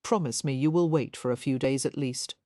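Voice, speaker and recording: A woman reading an audiobook, voicing an earnest young gentleman who pleads gently and patiently. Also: extremely low pitch, a little fast, no room sound, studio quality. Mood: pleading.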